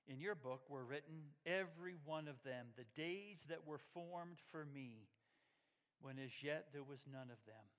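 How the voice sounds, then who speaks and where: A man preaching a sermon, emphatic and measured, sometimes dropping his voice very low. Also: in a large hall. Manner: slow, emphatic preaching that drops to a near whisper. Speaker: pastor.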